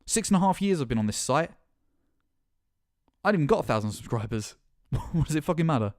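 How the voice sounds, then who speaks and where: A man's voice: fairly high pitch, sing-song, a little fast, darkish tone, dry recording, clean studio sound. A man delivering an angry, impassioned vlog rant as a gaming YouTuber, sarcastic and swearing often. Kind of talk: ranting vlog commentary.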